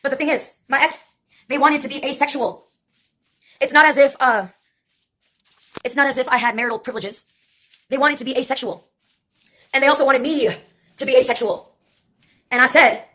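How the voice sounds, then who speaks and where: Wry rambling woman with a higher voice. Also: a bit bright. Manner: rambling, wry, many filler pauses. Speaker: vlogger. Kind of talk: casual storytelling monologue.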